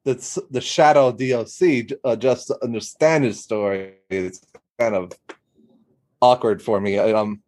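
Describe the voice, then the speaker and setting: A man's voice: mid-range voice, unhurried, a little mellow. Hesitant man in casual chat. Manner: hesitant, many fillers and restarts. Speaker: guest animator.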